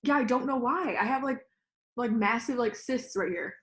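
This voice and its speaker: A woman's voice: on the high side, moderate pace, fairly bright tone, reverberant. A young woman in her twenties co-hosting a casual mukbang chat, swearing freely and filling her talk with "like". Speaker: mukbang co-host. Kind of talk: casual chat while eating.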